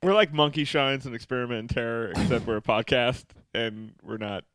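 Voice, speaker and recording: Brief: male podcast co-host, smooth resonant tone, dry close mic, chatty and quick to laugh. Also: mid-range voice, a bit bright, no echo. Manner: laughs often, quotes himself in raised voices. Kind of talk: casual chat.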